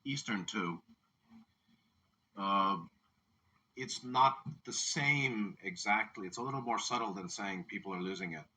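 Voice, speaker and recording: A man giving a late-night spiritual lecture, speaking in a measured, careful way with hesitant pauses and fillers. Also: on the low side, sharp tone. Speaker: lecturer and counselor. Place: in Thailand.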